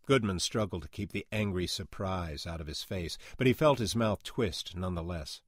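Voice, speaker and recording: A man narrating a story in a measured, even reading style. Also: sits low, no echo, clean studio sound. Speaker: reader.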